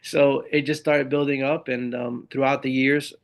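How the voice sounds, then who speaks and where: Middle-aged man, gravelly voice, animated storyteller, podcast guest. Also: mid-range voice, normal speed. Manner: animated storyteller who acts out the voices of others. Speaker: guest, motivational speaker and Marine veteran. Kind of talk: conversational interview storytelling.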